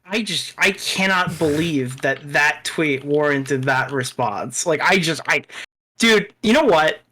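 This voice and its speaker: A man's voice: fairly high pitch, expressive, unhurried, sharp tone. A man chatting on a livestream, exasperated and swearing often. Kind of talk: casual stream reaction chat.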